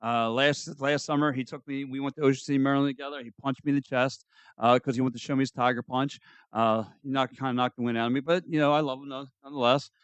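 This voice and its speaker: A man in his thirties chatting on a podcast in a relaxed, joking way. His pitch is average, and the recording is dry and close-miked. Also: fast talker, clean tone, no echo. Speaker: podcast co-host. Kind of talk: casual chat.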